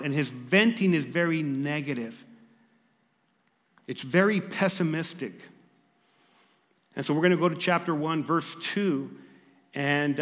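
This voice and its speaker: Man preaching in an echoing hall. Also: on the high side. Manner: repeats words when restarting, rises to loud emphatic reading. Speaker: pastor. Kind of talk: sermon. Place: church service.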